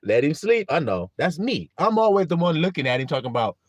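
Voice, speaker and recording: A man hosting a live stream with a casual monologue, joking and swearing as he tells animated stories. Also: on the high side, quick pace, no echo. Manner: animated, profane, joking storytelling. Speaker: livestream host.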